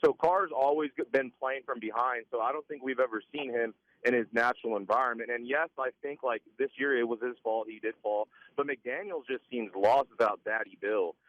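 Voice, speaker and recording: A man's voice: mid-range voice, a little fast, dry recording. A man calling in to a sports radio show, rambling casually about football. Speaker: caller. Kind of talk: call-in radio. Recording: dull phone-line audio.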